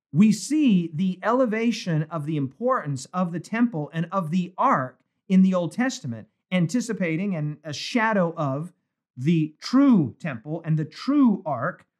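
Lively high-voiced male pastor. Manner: enthusiastic, reads chat comments aloud. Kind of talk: live-streamed Bible study.

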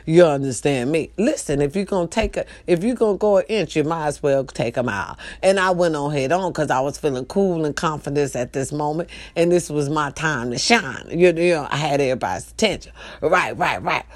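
An older woman, telling a comic story in an animated, profane way with loud bursts. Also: low-pitched, moderate pace.

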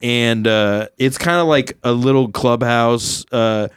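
A stand-up comic hosting his podcast, telling a rambling story in a mid-pitched voice with plenty of swearing. The sound is close and dry, with no room echo. He talks casually and laughs often. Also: slow, clean tone. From Southern California.

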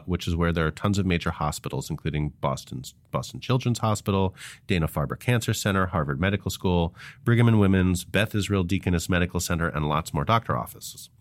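A man with a very low, deep voice co-hosts a podcast, chatting casually and laughing often. His talk is halting and full of restarts. The sound is dry and close, with no room at all. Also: no echo. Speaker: podcast co-host.

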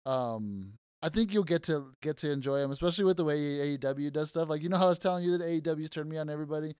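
A man's voice: on the high side, fast talker, darkish tone, smooth, dry recording, clean studio sound. A laid-back man in casual podcast chat, laughing easily. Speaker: podcast co-host.

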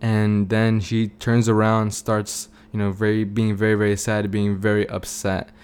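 Rambling young podcast host. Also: male voice, on the low side, monotone, a little slow, a little mellow, smooth. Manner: rambling, filler-heavy. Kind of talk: casual storytelling.

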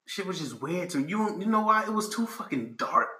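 A man co-hosting a podcast, chatting casually, animated and profane, often restarting his sentences. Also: sits high, a little fast, echoey room, poor audio. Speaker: podcast co-host. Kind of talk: casual chat.

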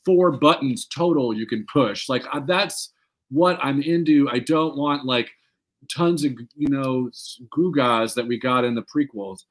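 A man co-hosting a fan podcast, talking in an animated, rambling way and swearing freely. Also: on the high side. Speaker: podcast co-host. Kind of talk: casual fan chat.

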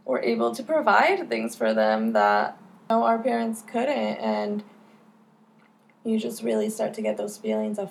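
A woman's voice: on the high side, animated, unhurried, vocal fry. A young woman hosting a casual podcast, talking candidly, swearing freely and filling her speech with "like" and "you know". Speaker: podcast host.

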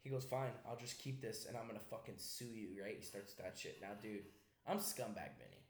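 A man's voice: lowish voice, fairly quick, vocal fry. Profane Italian-American man telling stories. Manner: profane, animated storytelling with put-on voices. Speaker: podcast host. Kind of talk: casual storytelling chat. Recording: echoey room.

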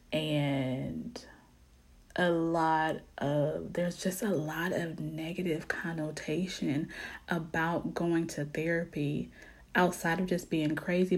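A woman talking to her viewers in a casual, heartfelt chat about faith. She is earnest and sometimes drops to soft near-whispers before bursting into lively emphasis. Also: low-pitched, slightly rough. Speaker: vlogger sharing her faith. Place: home in Ohio.

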